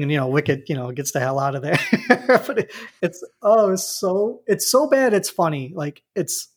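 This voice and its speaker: A man's voice: fairly high pitch, husky. A man chatting casually as a podcast co-host, retelling a scene with amused, rambling restarts. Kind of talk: casual chat.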